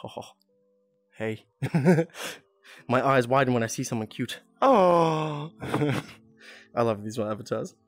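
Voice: mid-range voice, animated, slow, pauses often, dry recording, soft background music. A streamer chatting casually during a VR game, giggling a lot and swearing often, speaking into a headset mic. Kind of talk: casual live-stream chat while playing a VR game.

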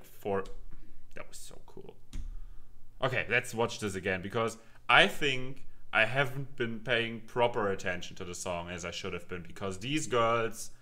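Man, reaction host, animated exclaiming, lively swinging pitch, bright tone. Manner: animated, exclaiming, quick asides and laughs. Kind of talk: excited reaction commentary.

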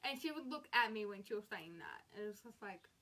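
A woman's voice: mid-range voice, lively intonation, brisk, bright, forceful tone. A woman in her late teens telling a frustrated storytime rant about school, with an emphatic, exasperated way of retelling what happened. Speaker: vlogger.

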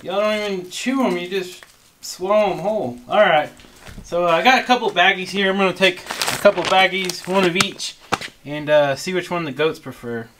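Farm vlogger, man, fairly high voice, relaxed chatty delivery; recorded on a camera left nearby, farmyard noise behind. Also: normal speed. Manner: easygoing, chatty, calls to animals. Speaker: farm channel host. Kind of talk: casual farm vlog talking to viewers. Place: farm shop and goat pen, partly outdoors. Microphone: camera set down nearby, he moves around it. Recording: noisy farmyard with animals in the background.

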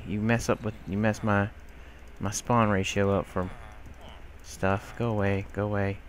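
Gamer, man, lowish voice, exasperated running commentary, faint hiss behind. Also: flat delivery, measured pace. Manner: exasperated, grumbling, talks to game characters, mild swearing. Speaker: gameplay commentator. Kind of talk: casual let's-play commentary.

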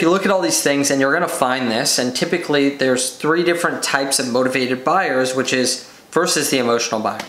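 A man hosting a business podcast, talking energetically on his own and rattling off quick lists. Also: mid-range voice. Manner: energetic, rapid lists, acts out excited buyers. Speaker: podcast host. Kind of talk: solo business podcast talk. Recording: roomy echo.

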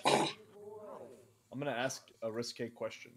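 A man co-hosting a gaming stream, talking in animated, casual commentary, swearing and laughing often. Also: medium pitch, takes it slowly, crowd noise.

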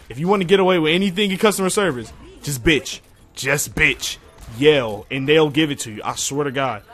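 A young man venting to his viewers in a profane, exasperated rant, going quiet when he calms down. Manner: profane, exasperated, jumping pitch when heated. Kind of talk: casual rant to camera.

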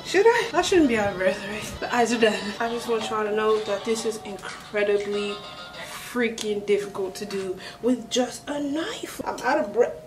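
A woman with a mid-range, expressive voice vlogs at a normal speed, chatting to camera in a lively, exclamatory way as she addresses her viewers directly. The recording is low quality with a distant mic, and spooky music plays underneath her voice.

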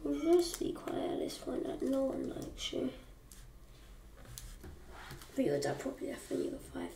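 British female reactor, mocking and defensive, dark mellow voice; roomy far-off recording with a faint hiss. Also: high voice, wildly swooping pitch, unhurried, gravelly. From Britain. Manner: defensive, mocking, talks back at the screen. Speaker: YouTuber reacting to a video. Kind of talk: casual reaction commentary. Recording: roomy, distant mic, faint background noise.

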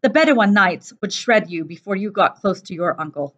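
A woman reading aloud as a cold, proud young woman fighter, slow and clipped. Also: medium pitch, lively intonation, fairly bright tone. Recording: dull lo-fi recording.

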